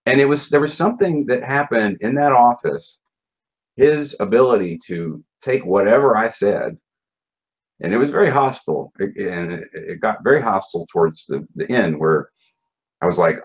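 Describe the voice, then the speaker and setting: A man's voice: lowish voice, expressive, normal speed. A man recounting his experiences in a casual interview, blunt and profane, with many fillers and restarts. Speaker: interview guest. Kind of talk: casual recounting of personal story. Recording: dull lo-fi sound.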